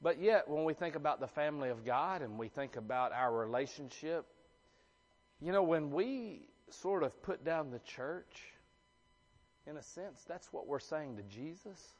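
Pastor guy with a high voice, joking with the church crowd, big hall reverb. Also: lively intonation, unhurried, dull audio. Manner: conversational, joking with the congregation, asks the room questions. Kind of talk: sermon. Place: church sanctuary.

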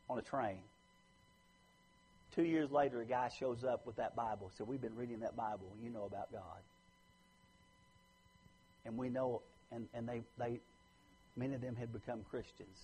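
A man from the United States preaching a sermon, swinging between loud emphatic lines and low quiet ones. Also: moderate pace, pauses often, slight background noise, rough recording. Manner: lively preaching, rising loud for emphasis then dropping low.

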